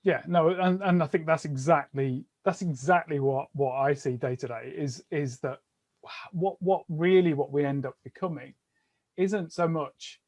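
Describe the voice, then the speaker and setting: Male host, slightly high-pitched voice, reflective, thinks aloud. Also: unhurried, darkish tone. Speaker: podcast host. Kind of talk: conversational interview.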